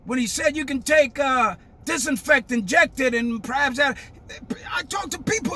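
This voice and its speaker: An older man, giving a fiery, emphatic monologue that breaks into shouting. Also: very high-pitched, very animated, a little fast, slight background noise. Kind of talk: impassioned monologue.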